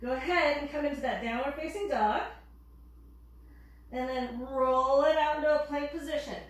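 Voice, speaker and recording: A woman instructor calmly cueing breaths and yoga poses while demonstrating, a little out of breath. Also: high voice, moderate pace. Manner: calm cueing of breath and poses, occasional laughs. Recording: very echoey room, distant mic.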